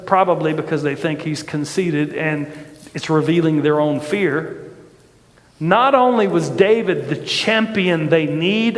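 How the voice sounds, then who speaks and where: A male pastor preaches with a high, bright voice and an easy, conversational manner, turning to the congregation with questions. His voice carries through a big, roomy sanctuary and leaves a long reverb tail. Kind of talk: sermon. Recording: echoey church hall with long reverb.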